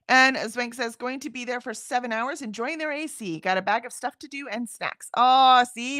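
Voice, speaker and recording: A woman's voice: a little high, normal speed, a bit bright, no room sound, clean studio sound. Chatty woman reading out chat. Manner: chatty, laughs often, reads chat messages aloud. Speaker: livestream host. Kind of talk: casual chat reading viewer comments.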